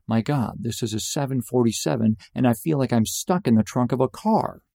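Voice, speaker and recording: A young man narrating a personal story in a deadpan, mock-epic manner. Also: mid-range voice, brisk, vocal fry, no echo, clean studio sound.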